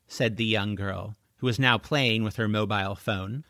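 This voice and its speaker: A man reading a children's novel aloud as its narrator, in expressive storytelling. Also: lowish voice, normal speed, hardly any pauses, no room sound, clean studio sound. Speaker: audiobook narrator. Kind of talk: scripted narration.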